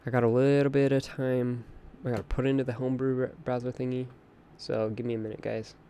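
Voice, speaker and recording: A young man hosts a late-night game stream in a brisk, level, medium-pitched voice that sounds mellow and clean. He chats casually and opinionatedly, reads out chat, and faint music plays in the background.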